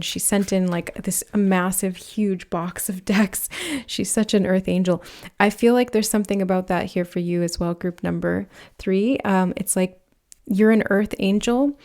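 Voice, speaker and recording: Woman, tarot reader, gentle and earnest, warm mellow tone, rambling delivery. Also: medium pitch. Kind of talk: pick-a-card reading.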